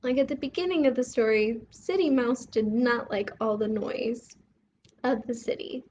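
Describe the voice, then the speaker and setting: Woman, children's storytime host, slow questioning talk, slightly dull recording with faint hiss. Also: a little high, darkish tone. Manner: asks the viewer questions, pauses to let them think.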